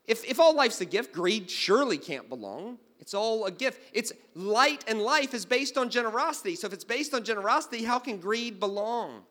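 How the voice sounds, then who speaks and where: A man preaching a sermon, telling stories and swinging from quiet asides to loud exclamations. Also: sits high, lively intonation, normal speed, hardly any pauses. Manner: storytelling, jumping from hushed to loud exclaiming. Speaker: pastor.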